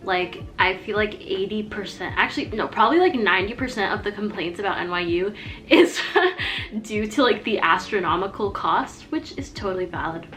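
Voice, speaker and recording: A woman's voice: medium pitch, moderate pace, fairly bright tone, faint music behind. Chatty young woman vlogging casually. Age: young adult. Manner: chatty and rambling, heavy use of "like". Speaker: college student vlogger. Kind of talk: casual advice vlog.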